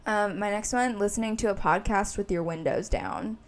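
A woman's voice: mid-range voice, normal speed, a little hiss or hum. Chatty young Midwestern woman co-hosting. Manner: chatty, frank, swears casually. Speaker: podcast co-host. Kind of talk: casual chat.

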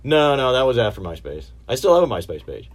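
A man's voice: mid-range voice, very animated, quick pace. A man hosting a podcast, talking in a laid-back, casual way and laughing easily. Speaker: podcast host. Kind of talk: casual chat.

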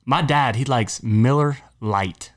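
A young man in a relaxed podcast chat, rambling through animated stories and cussing freely. His voice sits at an ordinary middle pitch and his speech is loose and unpolished, like friends trading memories. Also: takes it slowly. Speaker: podcast co-host. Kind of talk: casual chat.

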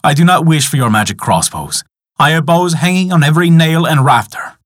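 A man's voice: fairly high pitch, animated, brisk, no echo, studio quality. A man voicing a stern ancient wizard. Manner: stern, scolding. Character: ancient wise male wizard, stern and scornful.

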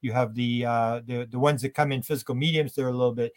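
A man's voice: mid-range voice, fairly even intonation, quick pace. An older man from Canada, a guest in a conversational interview, telling stories animatedly and acting out the voices of the people he quotes.

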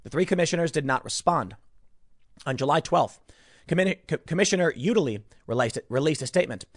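A man giving opinionated news commentary, animated and sarcastic, sometimes mocking others in put-on voices. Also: fairly high pitch, fairly quick, no echo, clean studio sound. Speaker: political commentator.

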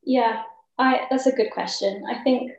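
A young woman, a ballet dancer, talking thoughtfully in a casual interview with many pauses and ums. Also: a little high, steady tone, lo-fi sound. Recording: echoey room.

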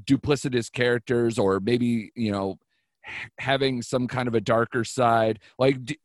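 A man hosting a casual film review chat, digressive, with quick laughing asides. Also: medium pitch, steady tone, no echo, studio quality. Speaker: podcast host.

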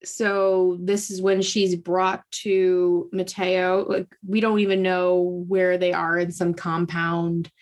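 A woman's voice: on the low side, completely flat delivery, slow pace, few pauses. A woman casually recapping a book's plot with a sarcastic, chatty delivery full of fillers. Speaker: podcast host. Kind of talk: casual chat recapping a book.

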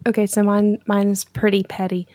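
A woman co-hosting a casual movie review podcast, lively and quick to laugh. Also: medium pitch, no echo. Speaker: podcast co-host.

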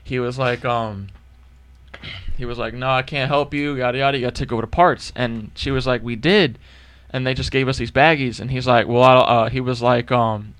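A young man telling a story in a casual chat, animated and profane, acting out both sides of the dialogue. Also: medium pitch. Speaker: podcast co-host.

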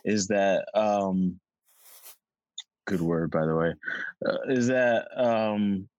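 Man, lowish voice, podcast co-host, casual banter, jokey, dry sound. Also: slow pace, darkish tone, no room sound, muffled recording. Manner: goofy, jokey, riffs and goes off topic. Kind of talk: casual roundtable chat.

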